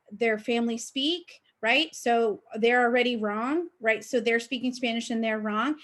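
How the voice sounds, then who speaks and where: A woman educator with a fairly high voice speaks on a video call panel. She is reflective and anecdotal, with frequent ums and pauses. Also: a bit bright. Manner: reflective, anecdotal, many fillers. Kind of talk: panel discussion.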